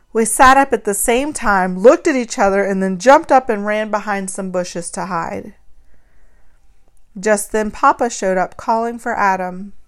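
A woman narrating a story in the first person, expressive and acting out the dialogue. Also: medium pitch.

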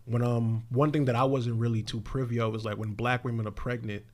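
A man's voice: mid-range voice, flat delivery, brisk. A young man co-hosting a podcast, talking in a laid-back, slangy way with lots of fillers. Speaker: podcast co-host. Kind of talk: casual chat.

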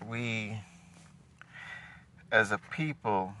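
A man in a casual, rambling vlog monologue, musing deadpan and sounding tired as he talks from a vehicle. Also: medium pitch, slow, creaky, long pauses, a little hiss or hum. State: tired, yawning. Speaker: vlogger.

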